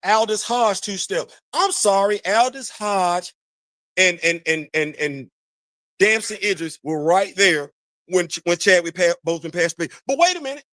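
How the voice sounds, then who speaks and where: Animated high-voiced man riffing. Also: normal speed, no room sound, clean studio sound. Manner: animated, preachy, repeats phrases, talks to chat. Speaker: podcast host. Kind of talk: casual commentary monologue.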